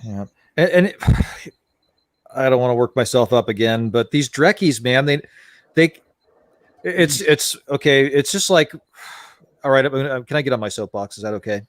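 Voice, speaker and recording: A man's voice: medium pitch, animated, normal speed, no room sound. A man hosting a casual chat, ranting in an exasperated way and swearing freely. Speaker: podcast host.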